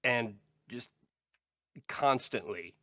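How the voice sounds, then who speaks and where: A man co-hosts a podcast in casual chat, quick with wry, mocking jokes. His voice sits at a middle pitch. He is recorded close and dry, with no room sound. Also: sharp tone, no room sound. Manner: wry, quick joking asides. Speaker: podcast co-host.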